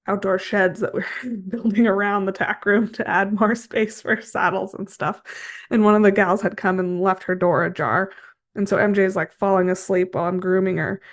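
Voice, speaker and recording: A middle-aged woman hosting a podcast, relaxed and chatty, telling stories from her work with horses. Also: mid-range voice. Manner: storytelling, relaxed. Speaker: podcast host, horse trainer. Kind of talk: casual chat.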